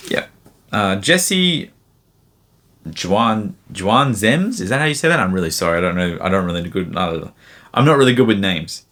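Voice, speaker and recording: Low-voiced man rambling through viewer questions. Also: animated, quick pace, fairly bright tone. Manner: rambling, frequent fillers and self-corrections. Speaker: card seller answering viewer questions. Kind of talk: casual Q&A.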